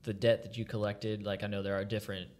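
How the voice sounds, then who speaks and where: A man's voice: lowish voice, little pitch movement, quick pace, darkish tone. A man co-hosting a casual podcast, prodding his guest with questions and joking along. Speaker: podcast co-host. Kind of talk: casual interview chat.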